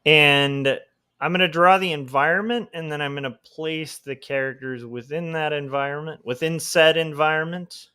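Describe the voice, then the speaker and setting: A man who is a comic artist, chatting casually on a livestream while he draws, thinking out loud with lots of fillers and restarts. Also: a little high, normal speed, smooth. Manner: thinking aloud, rambling with fillers. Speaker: comic artist streaming his work.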